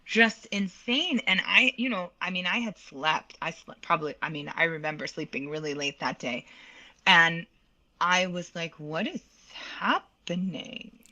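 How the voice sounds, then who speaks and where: A woman opera soprano telling a story in an interview, animated and quick to laugh, acting out the voices of the people in it. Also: lowish voice, poor audio. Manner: animated, laughs often, acts out quoted dialogue.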